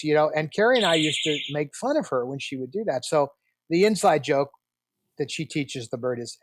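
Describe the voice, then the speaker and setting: An older man, a film producer guest, spins animated anecdotes in a relaxed interview and often restarts his sentences. His voice sits fairly high for a man and is recorded dry and close, with no room sound. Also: moderate pace, dry recording. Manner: chatty, animated anecdote-telling with frequent restarts. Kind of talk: casual interview storytelling.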